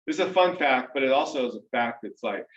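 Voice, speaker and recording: A man's voice: medium pitch, animated, fast. A man speaking to a small group in a meeting room, telling a story casually and animatedly, often checking in with "right?" and "okay?". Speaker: mastermind speaker. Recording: roomy, distant, dull-sounding room recording.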